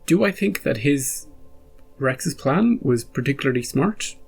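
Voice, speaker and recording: A man's voice: on the high side, animated, moderate pace, vocal fry, darkish tone, breathy edge, faint music behind. A man hosting a reaction video, chatting casually and rambling after an episode, often restarting and chuckling.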